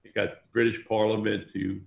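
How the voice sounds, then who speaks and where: Man, gravelly, anecdotal, rambling, echoey room. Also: on the low side, level tone, normal speed, dull audio. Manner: rambling, anecdotal, laughs often. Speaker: music manager guest. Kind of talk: casual storytelling interview.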